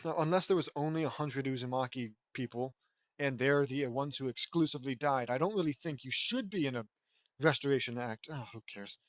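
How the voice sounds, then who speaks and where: A man's voice: medium pitch, a little fast, no echo. A man casually reading a fan fiction story aloud, stumbling over words, swearing and breaking off for joking asides.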